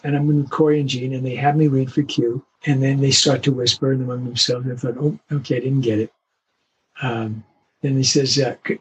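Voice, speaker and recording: An older man, a veteran voice actor, telling stories in an interview with lively acted-out quotes. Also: mid-range voice, fairly quick, a little hiss or hum, low-quality recording. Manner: animated anecdotes, acts out quoted voices. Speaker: voice actor guest. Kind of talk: storytelling interview.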